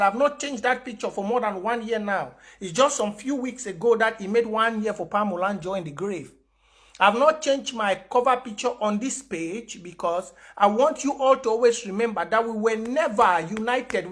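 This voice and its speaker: A man's voice: sits high, fairly bright tone. A man from Cameroon with a Cameroonian Pidgin English accent, addressing followers on a livestream with impassioned, emphatic, repeated declarations. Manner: mixes pidgin and English with frequent fillers. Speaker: activist host of an online broadcast.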